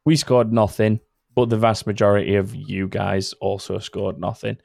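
A man's voice: on the low side, level tone, normal speed, gravelly, a little mellow, a little hiss or hum. A man hosting a casual podcast, rambling and correcting himself as he goes, laughing often. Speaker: podcast host. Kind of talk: casual chat.

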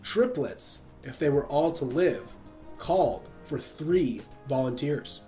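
A man reads a short story aloud at a measured, even pace. His voice sits somewhat high for a man, and faint music plays in the background. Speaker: narrator. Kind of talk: storybook narration.

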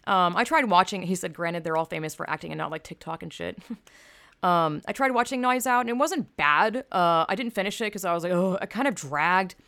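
A woman's voice: on the low side, lively intonation, fairly quick, fairly bright tone. A young woman hosting her own podcast, talking in a casual, rambling way with lots of swearing, fillers and blunt opinions. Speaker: podcast host. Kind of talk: casual solo podcast monologue.

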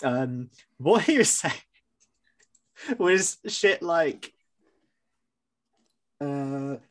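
A man hosting a casual podcast chat, telling a story in an animated way, laughing and swearing as he goes. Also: a little high, extremely slow. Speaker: podcast host.

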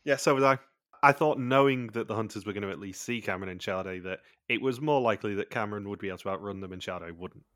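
低沉的英国口音男播客主持. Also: male voice, lowish voice, fast talker, a bit bright, no room sound, studio quality. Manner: blunt, swears casually, recaps plot in long runs. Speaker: podcast co-host. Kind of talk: casual chat recapping a TV show.

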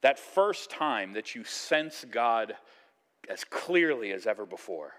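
A man preaching a sermon in a conversational, animated way, acting out quoted voices. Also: fairly low pitch, takes it slowly, big-room sound. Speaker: pastor.

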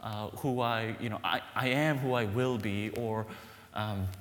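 A man preaching a sermon with an animated, emphatic delivery. His voice carries a long reverb from a large, echoing hall. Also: on the low side, unhurried. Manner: animated, emphatic, storytelling with laughs. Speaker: pastor.

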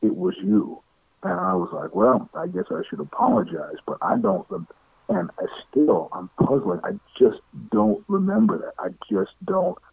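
Over a tinny, phone-like line with no echo, a middle-aged interview guest spins casual stories, voicing other people and laughing a lot. His voice sits high with big pitch swings, gravelly and breathy at the edges, at a moderate pace.

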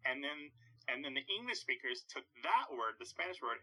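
A man's voice: mid-range voice, big pitch swings, moderate pace, bright, forceful tone, slightly rough, low-quality recording. A man speaking as a language expert guest, explaining things thoughtfully and at length with small restarts. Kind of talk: explanatory conversation.

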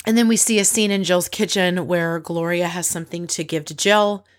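A woman's voice: fairly low pitch, fairly even intonation, moderate pace. Chatty woman recapping a reality show. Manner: chatty, opinionated storytelling with asides. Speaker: recap podcast host. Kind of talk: casual recap chat.

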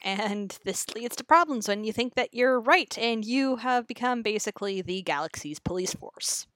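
A woman on a fan podcast with a somewhat high voice, talking casually. Her voice is wry, laughs come easily, and she swears offhandedly. The recording is dry and close, with no room sound. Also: lively intonation, moderate pace, a bit bright, no room sound.

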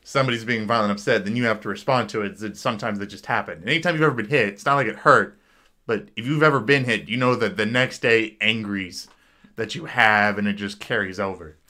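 A man's voice: lowish voice, quick pace, bright, forceful tone. A man co-hosting a casual podcast, rambling and joking about himself. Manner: rambling, jokey, self-mocking. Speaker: podcast co-host.

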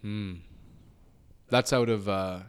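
A man's voice: lowish voice, fairly even intonation, slow pace, clean tone. A man co-hosting a casual sports podcast, blunt and offhand, swearing now and then. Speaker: podcast co-host.

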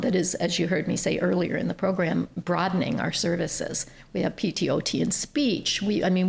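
A woman from Ohio with a slightly low, gravelly voice, speaking as a podcast guest. She tells her stories earnestly and lifts her voice when she quotes others. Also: darkish tone. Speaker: guest, nonprofit chief executive. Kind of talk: conversational storytelling.

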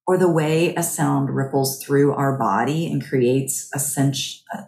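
Female podcast host; deep, slow delivery; friendly coaching tone; reverberant room. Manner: gentle, chatty, often asks "right?". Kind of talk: guided mindfulness talk.

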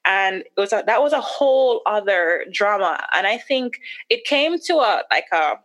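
A woman's voice: medium pitch, animated, fairly bright tone. Candid woman telling a painful story. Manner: candid, emotional, quick asides. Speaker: podcast guest. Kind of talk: personal storytelling.

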